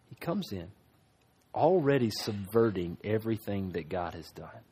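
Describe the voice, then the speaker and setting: A man preaching a sermon as pastor, emphatic, moving between loud stresses and hushed asides. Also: lowish voice, very animated, normal speed, husky.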